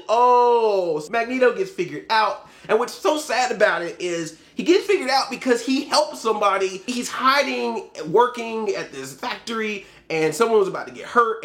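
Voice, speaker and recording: A man giving a casual, animated movie review, laughing often and acting out scenes. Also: high voice.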